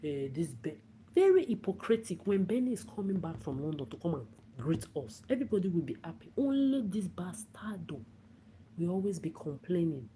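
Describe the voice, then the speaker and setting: Low-voiced woman ranting angrily. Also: very animated, fairly quick, dark tone, slight background noise, rough recording. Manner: profane, repetitive, confrontational. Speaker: livestreamer. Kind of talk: angry livestream rant.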